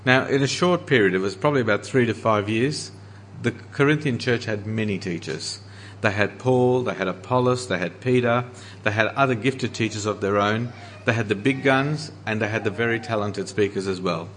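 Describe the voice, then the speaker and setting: An earnest man preaching a sermon as pastor, slowing down to stress the scripture he quotes. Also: fairly low pitch, fairly bright tone, slight background noise.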